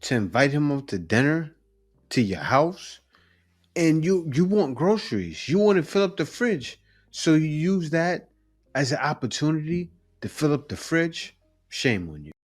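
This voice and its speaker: A man's voice: on the high side, sing-song, measured pace, faint music behind. A man hosting a reaction video, giving blunt, emphatic commentary with chuckles.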